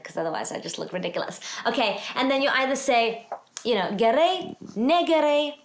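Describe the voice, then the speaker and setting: A woman teaching a casual language lesson, encouraging and a little self-deprecating, slowing down to model each word. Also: mid-range voice. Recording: echoey room.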